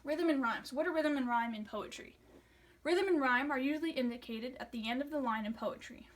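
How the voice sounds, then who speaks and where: A young woman presents a poem analysis for a class project. Her voice sits a little high. She reads from a script and stumbles into fillers and restarts when she explains. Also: brisk. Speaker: student presenter.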